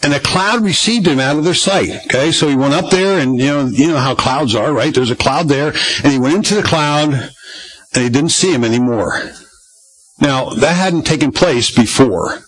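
A man's voice: fairly high pitch, moderate pace, a bit bright, poor audio. A pastor preaching a conversational Bible-study sermon in a folksy way, often asking his congregation questions.

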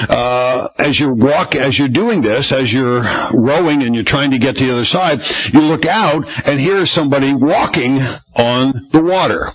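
A man's voice: medium pitch, fairly bright tone, slightly rough, dry recording. A male pastor giving a conversational sermon in a church, rambling and asking rhetorical questions. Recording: dull lo-fi recording.

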